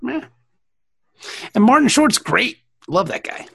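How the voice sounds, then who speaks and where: High-voiced man, lively and gravelly. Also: takes it slowly, no room sound. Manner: laughs often, riffs on movies. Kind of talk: casual joking chat.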